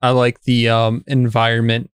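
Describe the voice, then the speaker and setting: A man talks through a show episode in relaxed casual chat, his pitch staying level and flat. His voice is smooth and clear. It sits dry and close to the mic, with many fillers and restarts. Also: moderate pace, no room sound. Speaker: podcast co-host.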